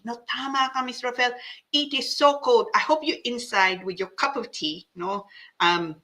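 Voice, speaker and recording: Woman host, breezy English with asides, forceful bright tone, rambling fillers. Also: on the low side, expressive, moderate pace. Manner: chatty, mixes English with Tagalog, frequent fillers and restarts. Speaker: host reading viewer comments. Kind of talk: casual live-show chat.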